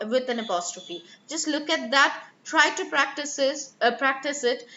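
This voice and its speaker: A woman's voice: high-pitched, a bit bright. A woman teaching a live online IELTS speaking lesson, explaining stress and sounds and demonstrating example words. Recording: echoey room, slightly dull sound.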